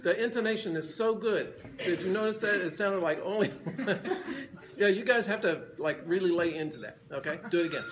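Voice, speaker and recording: A man gives rehearsal instruction to a band that's playing in the room, counting them in and singing phrases to show the sound. His voice is high and fairly quick.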